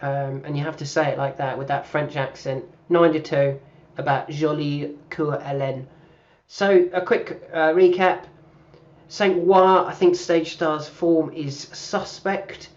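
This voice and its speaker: A man talking through horse racing tips in a relaxed, chatty way, thinking aloud with plenty of ums and uhs. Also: on the high side, unhurried, lo-fi sound. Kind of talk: casual racing analysis.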